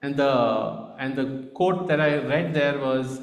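A man's voice: medium pitch, takes it slowly, few pauses, echoey room. A man with an Indian accent giving a conversational sermon, often checking in with "right?". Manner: conversational, frequent "right?" tags. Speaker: preacher.

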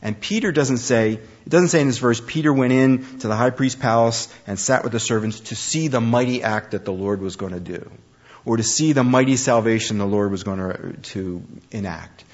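A man preaching a conversational sermon, telling the story with animated, acted-out speech. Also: medium pitch, moderate pace. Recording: dull lo-fi recording.

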